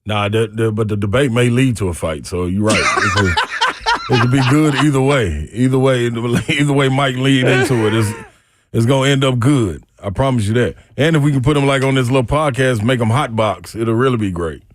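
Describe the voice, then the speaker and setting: A man's voice: mid-range voice, normal speed. A man co-hosting a sports radio show, talking in laid-back, slangy banter. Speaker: radio co-host, former college basketball player. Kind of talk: casual sports radio chat.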